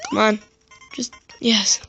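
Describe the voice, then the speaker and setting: A gaming YouTuber giving raging gameplay commentary, swearing and yelling in frustration and muttering to himself between outbursts. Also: medium pitch, flat delivery, takes it slowly, gravelly, faint music behind.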